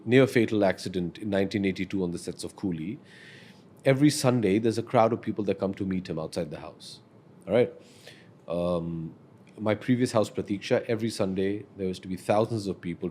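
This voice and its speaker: Earnest man, low voice. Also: brisk. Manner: earnest, reflective, animated when telling stories. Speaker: actor and podcast guest. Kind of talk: storytelling in a podcast interview.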